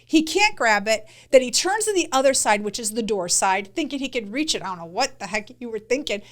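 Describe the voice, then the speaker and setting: A middle-aged woman co-hosting a podcast, telling a story in an animated, laughing way and acting out quotes. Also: a little high, fairly quick. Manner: animated, laughs through stories, acts out quotes. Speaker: podcast co-host. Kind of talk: casual storytelling chat.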